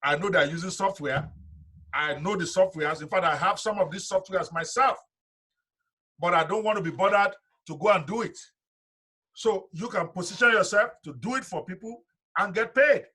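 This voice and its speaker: A man's voice: sits high, moderate pace, pushed and bright, breathy edge. A middle-aged man, giving a live training lecture to his students in an emphatic, direct way. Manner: emphatic, talks straight to students. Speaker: online business instructor.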